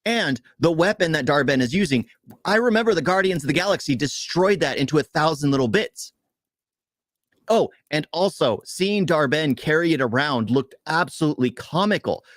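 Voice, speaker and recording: A man's voice: on the high side, animated, normal speed, dry recording. A man co-hosting a casual movie review, ranting in frustration with rhetorical questions.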